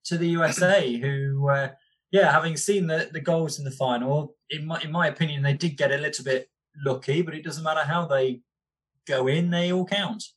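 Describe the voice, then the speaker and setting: A man's voice: fairly high pitch, fairly even intonation, moderate pace. A man co-hosting a sports podcast, speaking casually and hesitantly, with many fillers. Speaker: podcast co-host.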